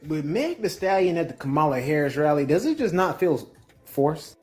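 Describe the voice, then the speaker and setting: A man's voice: on the high side, big pitch swings, moderate pace, soft background music. A man giving skeptical opinion commentary.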